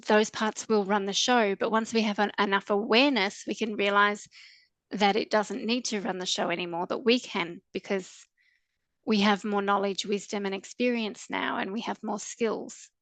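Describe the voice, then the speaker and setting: Calm soothing woman coach, dry sound. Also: medium pitch, moderate pace, dry recording. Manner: calm, gentle, soothing reassurance. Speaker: trauma coach. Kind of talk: guest interview, coaching explanation.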